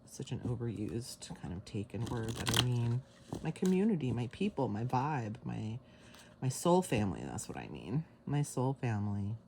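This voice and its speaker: Low-voiced woman doing a tarot reading. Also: normal speed, noisy background. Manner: emotional, breathy sighs, effusive and excited. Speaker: tarot reader. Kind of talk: casual spoken tarot reading. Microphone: camera mic.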